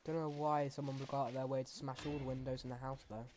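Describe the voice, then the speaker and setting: A man's voice: mid-range voice, little pitch movement, fast, very noisy. A man hosting a gaming channel, talking to himself as he plays in loose, rambling commentary full of fillers and restarts. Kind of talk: casual gameplay commentary.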